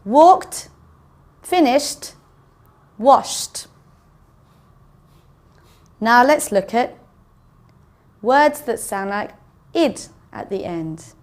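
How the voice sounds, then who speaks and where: Female teacher, fairly high voice, deliberate slow delivery for learners at a board. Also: animated. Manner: slow, careful, repeats words for learners. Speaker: English teacher. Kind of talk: English pronunciation lesson. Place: classroom with a board.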